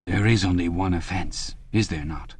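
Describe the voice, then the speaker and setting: A man voicing a vague, pedantic middle-aged male poet in a prison cell, in a higher, drawn-out, fussy voice. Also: a little mellow, slightly rough. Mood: startled, resigned.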